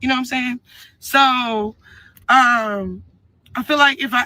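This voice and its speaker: A woman's voice: a little high, a little slow, pushed and bright, no echo, rough recording. A woman speaking on a livestream, rambling and earnest as she apologizes and talks about her son. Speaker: mother speaking in a livestream clip. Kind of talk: emotional livestream talk.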